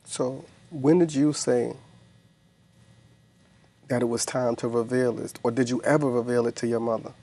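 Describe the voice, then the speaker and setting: A man hosting an interview, asking measured, probing follow-up questions. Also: mid-range voice, steady tone, dark tone. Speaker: interview host.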